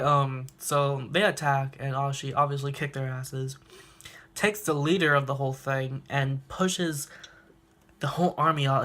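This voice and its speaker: A man's voice: mid-range voice, fairly bright tone. A young man recapping a cartoon episode casually, laughing often and acting out the characters' lines, recorded on a handheld phone. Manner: laughs often, acts out quotes. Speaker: reaction video host.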